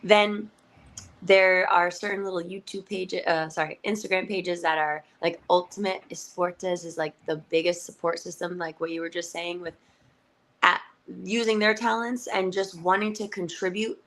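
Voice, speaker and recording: A young adult woman pro wrestler, a guest in a casual interview, talking in an animated way with many fillers and frequent laughs. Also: lowish voice, moderate pace.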